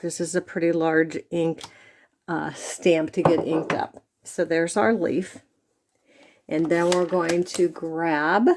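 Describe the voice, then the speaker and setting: A woman from the United States giving a chatty step-by-step card-making tutorial, with frequent fillers. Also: lowish voice. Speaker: stamping demonstrator. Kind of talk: craft tutorial.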